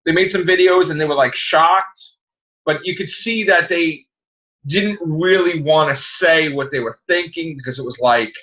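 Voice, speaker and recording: A man hosting a casual podcast, telling stories in an animated way and acting out the people he quotes. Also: a little high, moderate pace. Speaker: podcast host. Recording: muffled lo-fi audio.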